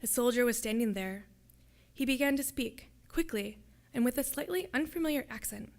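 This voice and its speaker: A woman's voice: fairly high pitch, normal speed. Woman reading her story aloud. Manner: steady, descriptive storytelling. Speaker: graduate student reader. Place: lecture hall.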